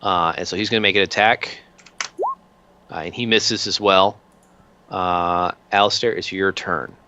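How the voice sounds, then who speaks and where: A man narrating a tabletop game as game master, relaxed and full of filler sounds. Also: deep voice, a little slow, highs cut off, background noise.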